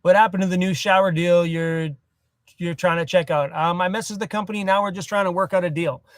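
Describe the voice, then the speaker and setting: A laid-back man with a fairly high voice rambles through a casual phone livestream from inside his parked van. The sound is dry and close, with no room echo. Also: fairly even intonation, a little fast. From Canada. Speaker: van life vlogger. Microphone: cell phone.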